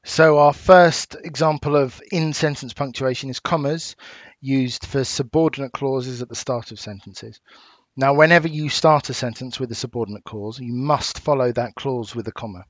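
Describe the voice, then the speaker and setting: A man with an English accent, a teacher giving a recorded lesson, explaining patiently and clearly with small fillers. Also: mid-range voice, normal speed, no room sound. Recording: dull dry home recording.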